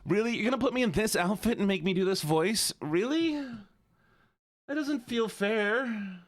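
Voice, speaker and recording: A male streamer putting on a high, girlish, whiny voice and protesting. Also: expressive, moderate pace.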